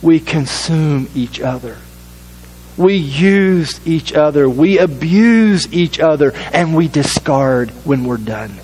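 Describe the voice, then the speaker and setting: Emphatic preaching man, higher voice. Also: expressive, slow pace, darkish tone, slightly rough, rough recording. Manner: emphatic preaching, repeats phrases for effect. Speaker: pastor. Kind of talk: sermon.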